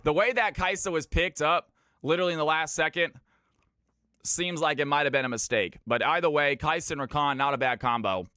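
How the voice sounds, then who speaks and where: A man's voice: fairly high pitch, a little fast, bright, forceful tone, clean tone, dry recording, studio quality. A man from California hosting a live game stream, commentating picks and greeting viewers by name in an upbeat way. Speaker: streamer casting viewer games.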